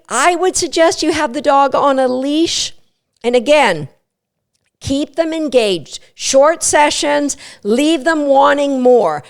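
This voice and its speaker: Animated woman dog trainer podcasting. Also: sits high. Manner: animated, acts out what dogs think in quick put-on voices. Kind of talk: podcast teaching talk.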